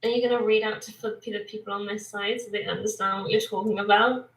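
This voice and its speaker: A woman's voice: mid-range voice, steady tone, fast, a bit bright, slight background noise. A woman co-hosting a casual live chat, blunt and exasperated, often correcting the others. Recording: roomy, distant from the mic.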